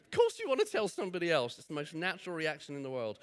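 A man's voice: fairly high pitch, huge pitch swings, racing. A man preaching a sermon in church in a chatty, storytelling way. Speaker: pastor.

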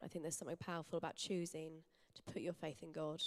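Young woman, lowish voice, conversational church sermon, earnest. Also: level tone, quick pace. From England. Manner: earnest, personal, conversational preaching. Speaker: church speaker. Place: church hall.

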